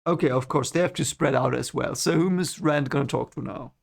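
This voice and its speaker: A man's voice: mid-range voice, fairly quick, creaky. A man reading a novel for the first time and reacting in a chatty, casual way, laughing often. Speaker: book reader reacting to a novel.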